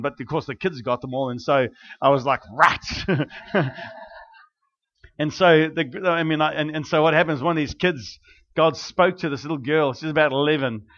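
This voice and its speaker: A man preaching, first praying aloud and then telling stories in an animated way, with many fillers and restarts. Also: fairly high pitch. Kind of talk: prayer and sermon storytelling. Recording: dull lo-fi recording.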